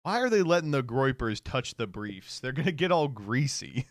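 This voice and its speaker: A man's voice: medium pitch, very animated, moderate pace, dry recording, clean studio sound. A man streaming casual commentary, reacting to online posts with sarcastic remarks, frequent laughter and text read aloud.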